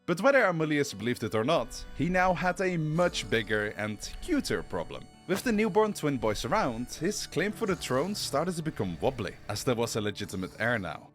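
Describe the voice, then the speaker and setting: A man's voice: medium pitch, big pitch swings, normal speed, few pauses, faint music behind. A man giving comedic scripted narration for a history video, with sarcastic, playful asides to the viewer.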